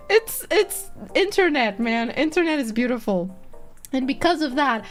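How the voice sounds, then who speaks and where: Lively, giggly woman streamer. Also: sits high, slow pace, faint music behind. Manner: giggly, sweary, expressive. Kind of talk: casual live-stream chat.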